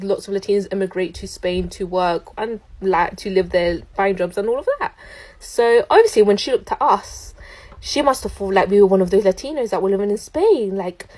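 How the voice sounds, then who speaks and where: A young woman, telling a storytime to camera in an animated, indignant way. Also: mid-range voice. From London, UK. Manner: animated, indignant, quotes people in voices.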